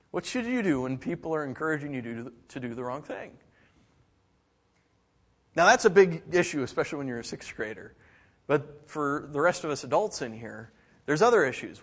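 Animated man preaching a sermon. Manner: animated storyteller, mimics kids in a high voice. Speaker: pastor. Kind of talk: sermon with personal stories.

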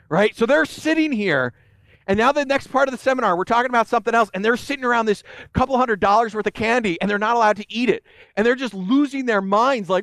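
A man's voice: very high-pitched, quick pace, no echo. A man giving a conversational sermon, telling stories and acting out the people he quotes. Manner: animated storytelling, voices quotes. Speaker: preacher.

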